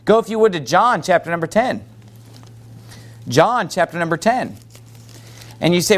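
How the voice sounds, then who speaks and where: A man with an American accent preaching an evening sermon, reading scripture slowly and then retelling it in plain everyday words. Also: sits high, sing-song, a bit bright. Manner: reads scripture slowly, paraphrases in plain speech. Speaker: pastor.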